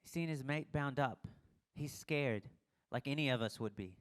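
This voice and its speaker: A man's voice: medium pitch, normal speed. A young man preaches in a casual, conversational style. He retells the scripture like a story and acts out the dialogue of the people in it. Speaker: pastor. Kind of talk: casual sermon.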